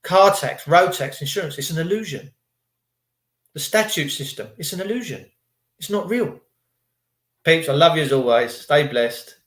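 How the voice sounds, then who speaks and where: A man's voice: fairly high pitch, expressive, moderate pace, long pauses, a bit bright. A man vlogging a rambling, preachy spiritual monologue to his viewers in casual slang. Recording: echoey room.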